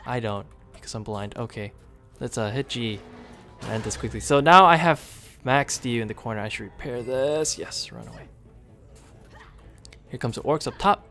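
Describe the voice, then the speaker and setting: A man's voice: mid-range voice, moderate pace, soft background music. Chatty man narrating his gameplay. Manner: chatty, talks to the game units, sudden excited outbursts. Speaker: gaming video creator. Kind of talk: casual gameplay commentary.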